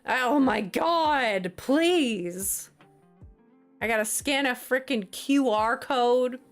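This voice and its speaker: A woman's voice: sits high, very slow, soft background music. A woman streamer chatting casually on a livestream, flustered, exasperated and apologetic.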